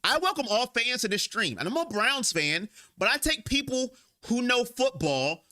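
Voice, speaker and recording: A man's voice: very high-pitched, very animated, normal speed, pushed and bright. A man hosting a sports fan live stream, emotional and rambling as he vents and talks straight to viewers on his own microphone.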